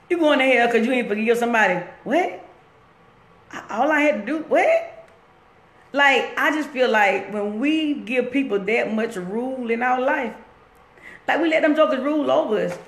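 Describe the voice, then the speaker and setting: A woman's voice: a little high, fairly bright tone. A woman talking on a live stream from work, earnest and preachy, repeating her points as she encourages viewers. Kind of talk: casual live-stream talk. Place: at work, roomy space. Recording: echoey room.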